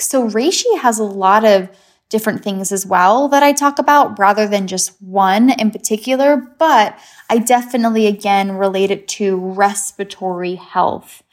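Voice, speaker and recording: A woman's voice: medium pitch, normal speed. An English-born woman, a guest expert, explaining things in an upbeat, chatty way with simple memory tricks. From England. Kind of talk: casual chat.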